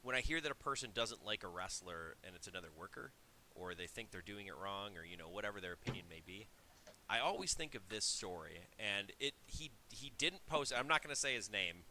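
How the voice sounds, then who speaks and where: A man's voice: lowish voice, expressive, fairly quick, bright, forceful tone, a little hiss or hum. A man co-hosting a wrestling podcast, telling a story in a chatty way with restarts. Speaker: podcast co-host. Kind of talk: casual chat.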